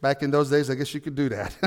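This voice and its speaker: A man preaching a sermon, telling a story with animated, emphatic peaks. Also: mid-range voice, fairly quick, in a large hall. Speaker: pastor.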